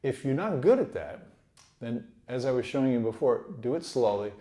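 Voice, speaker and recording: A man teaching trumpet in a relaxed, encouraging way, sometimes singing rhythms aloud. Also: medium pitch, normal speed. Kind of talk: relaxed instructional talk. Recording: echoey room.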